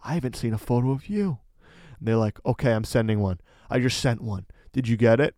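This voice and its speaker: A man's voice: medium pitch, brisk, no echo. Male podcast co-host, mid-range voice, chatty storyteller with heavy fillers, dry booth sound. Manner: animated storytelling, lots of "like" fillers. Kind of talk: casual storytelling chat.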